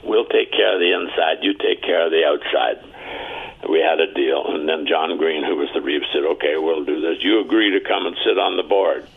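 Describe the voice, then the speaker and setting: Very deep gravelly older man, phone line. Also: steady tone, normal speed. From Ontario, Canada. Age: 70s. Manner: chatty anecdotal storyteller, acting out quoted voices. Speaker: interview guest. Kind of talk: storytelling interview.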